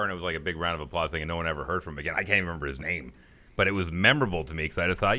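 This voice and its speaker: A man's voice: sits low, rapid-fire, background noise. A man co-hosting a podcast, chatting casually and joking, sometimes slipping into goofy quoted voices. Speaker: podcast co-host. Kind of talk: casual chat.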